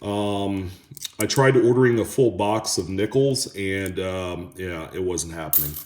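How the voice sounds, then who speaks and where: A man hosting a coin roll hunting video, chatting casually and haltingly to viewers as he sorts coins. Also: sits low, steady tone. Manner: rambling, halting, talks to viewers. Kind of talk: casual chat while sorting coins. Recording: echoey room with coin clinking.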